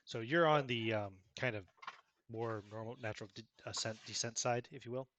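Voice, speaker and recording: A man's voice: mid-range voice, moderate pace, a bit bright, slight background noise. A man running a tabletop game as game master, talking with frequent fillers and self-corrections.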